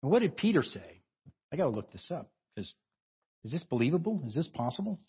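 A man's voice: fairly high pitch, big pitch swings, brisk, slightly rough, lo-fi sound. A man preaching a conversational sermon, informal and chuckling, who breaks off and restarts his sentences as he goes. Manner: informal, self-interrupting, chuckling asides.

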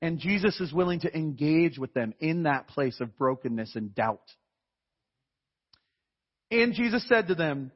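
A man preaching a sermon in a conversational, animated way, acting out little asides. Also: a little high, unhurried, pauses often. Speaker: pastor. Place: large church hall. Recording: dull, reverberant church recording.

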